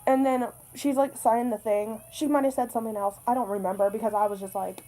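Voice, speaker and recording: A woman's voice: fairly high pitch, fairly even intonation, fast, few pauses, warm tone, poor audio. Young woman vlogging, rambles, swears a bunch, makes fun of herself, casual chatty storytime. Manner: rambling, swears a lot, self-deprecating.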